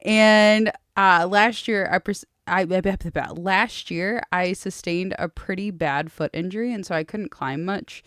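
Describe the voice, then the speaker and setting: Young female podcast co-host, chatty and bubbly, smooth but slightly hoarse voice, dry close sound. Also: medium pitch, measured pace, hardly any pauses, a bit bright, no room sound. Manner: bubbly, swears casually, laughs often. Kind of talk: casual chat.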